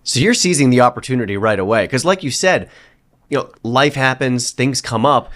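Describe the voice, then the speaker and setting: A man hosting an interview, asking questions in a measured, conversational way. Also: mid-range voice, expressive, fairly bright tone. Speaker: podcast host.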